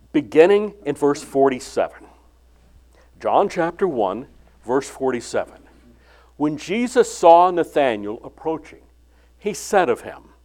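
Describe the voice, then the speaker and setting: An older man preaching a sermon, retelling the Bible story and acting out its dialogue with lively inflection. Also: mid-range voice. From California.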